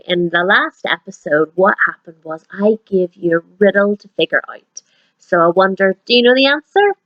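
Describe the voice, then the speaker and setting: A woman reading a children's book aloud in a gentle, teacherly way that speaks to the children listening. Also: medium pitch, lo-fi sound. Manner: warm teacherly address to children. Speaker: children's story reader.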